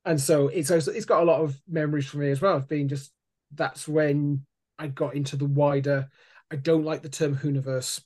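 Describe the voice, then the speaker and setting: A man's voice: a little high, steady tone, normal speed, darkish tone. A man on a podcast candidly sharing memories of the books he read. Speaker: podcast co-host. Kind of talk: casual book discussion.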